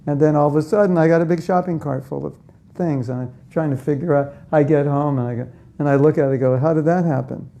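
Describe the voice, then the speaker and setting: In a mellow, slightly high voice with vocal fry, a spiritual teacher talks quickly and with a steady tone to a live crowd. He often asks them questions and dramatizes inner voices in quotes, all in a conversational style.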